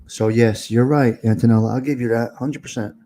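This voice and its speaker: A man's voice: medium pitch, a little fast, faint music behind. A middle-aged man hosting a casual live stream, talking bluntly and straight to his chat. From North Jersey. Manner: animated, blunt, streetwise, talks straight to chat.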